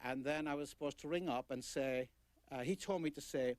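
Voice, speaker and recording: An older man, an author, telling rambling anecdotes at a book talk with many pauses and fillers. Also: medium pitch, a little mellow. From Ireland.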